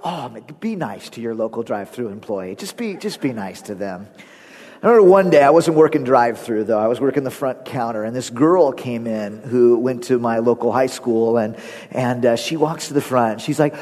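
Animated pastor in an echoing hall. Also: male voice, mid-range voice, a little fast. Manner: animated storytelling, laughs often. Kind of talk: sermon. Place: church sanctuary. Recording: long reverb of a church hall.

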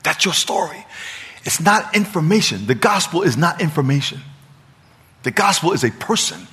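A man's voice: fairly high pitch, big pitch swings, normal speed, sharp tone. A man preaching a sermon as pastor, emphatic and repetitive, often stumbling and restarting his words. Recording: long reverb of a large hall.

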